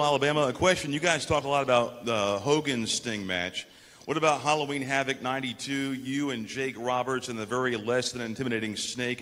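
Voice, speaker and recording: A man's voice: mid-range voice, fairly bright tone, in a large hall. A man moderating a live panel, reading out fan questions with dry asides.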